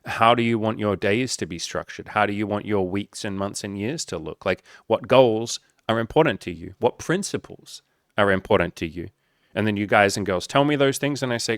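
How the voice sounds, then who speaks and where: A man's voice: fairly low pitch, normal speed, dry recording, clean studio sound. A young adult man, a dating coach, talking casually to camera, full of fillers and mild swearing, acting out little dialogues. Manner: casual, profane, lots of likes and filler; acts out quoted dialogue with voice shifts. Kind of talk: casual video talk.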